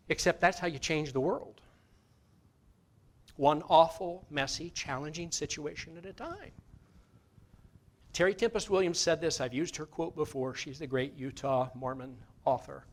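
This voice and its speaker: Serving as guest minister in a church sanctuary, a man delivers a conversational sermon, shifting between loud, emphatic lines and soft guided meditation. His voice is a little high and his pace is normal.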